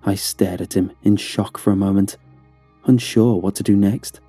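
A man's voice: fairly low pitch, fairly even intonation, normal speed, warm tone, husky, dry recording, soft background music. A man narrating a first-person horror story in a tense, dramatic storytelling manner.

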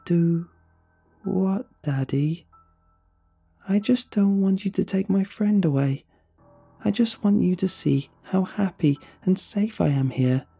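A man's voice: high voice, slow pace, vocal fry, mellow, slightly rough, faint music behind, voice pushed up, exaggerated voice. A man doing an eerie little-girl voice. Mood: pleading. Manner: pleading, sing-song, eerily sweet. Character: creepy entity mimicking a little girl.

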